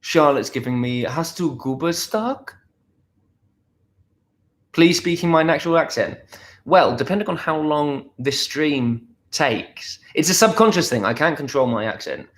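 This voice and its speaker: A man's voice: fairly high pitch, moderate pace, a bit bright. A young man from Essex hosting a casual livestream at home, reading out viewer comments in a chatty, playful, self-deprecating way. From Essex, England. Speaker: livestream host. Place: at home, indoors.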